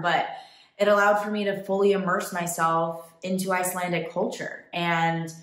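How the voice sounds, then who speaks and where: A woman from the United States, a travel vlogger, telling a story to camera in a chatty, animated way. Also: on the low side, roomy sound. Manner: chatty, animated, quotes people in put-on voices.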